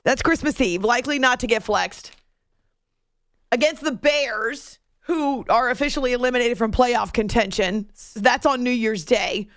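Woman sports talk host, higher voice, dry studio sound, chatty, playful asides. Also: normal speed, fairly bright tone, no room sound.

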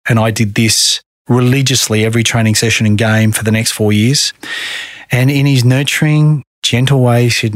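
A middle-aged Australian man telling his own story in a podcast interview, earnest and measured. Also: mid-range voice, steady tone, no room sound, studio quality. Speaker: guest.

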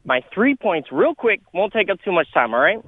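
A man calling a sports radio show from California, out of breath and arguing his points in an animated way. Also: high voice, no room sound. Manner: animated, argumentative, rapid points. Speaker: caller. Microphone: phone. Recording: tinny phone line.

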